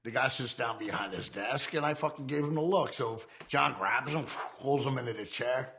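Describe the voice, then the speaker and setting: A man's voice: mid-range voice, moderate pace, a bit bright, slight background noise. A man candidly telling his life of crime in profane, streetwise talk. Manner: profane, streetwise, acts out quoted voices. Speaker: former criminal telling his life story.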